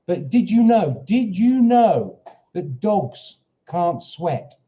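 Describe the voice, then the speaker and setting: A slow-talking British man rambles through a casual livestream from home. His voice is very dark and mellow, set a little high for a man. He wanders off to chat to his dog and read out viewer questions. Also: big pitch swings, highs cut off. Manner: chatty, rambling, talks to his dog and reads out viewer comments. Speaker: livestream host. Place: home in Portugal.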